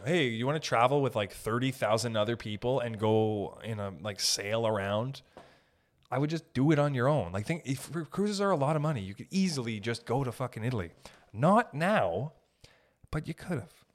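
A man from Canada hosting a podcast, delivering a heated, profane rant and slipping in quick acted quotes of other people. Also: medium pitch, lively intonation. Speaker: podcast host. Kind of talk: ranting podcast monologue.

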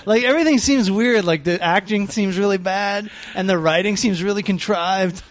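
A man hosting a podcast in casual banter, animated and laughing often, swearing freely. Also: sits high, normal speed, highs cut off, a little hiss or hum. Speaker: podcast host.

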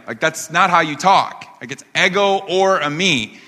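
A man preaching a sermon as pastor, emphatic, asking rhetorical questions and slowing down on key phrases. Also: a little high, lively intonation, sharp tone. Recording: long hall reverb.

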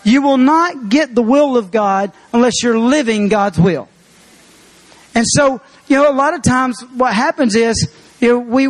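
A man preaching a sermon as pastor, earnest and conversational, slowing down to stress key phrases. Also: very high-pitched.

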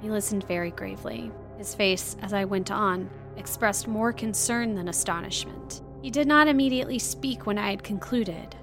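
A woman narrating a first-person novel as an audiobook, in a measured, dramatic storytelling manner. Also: medium pitch, music in the background.

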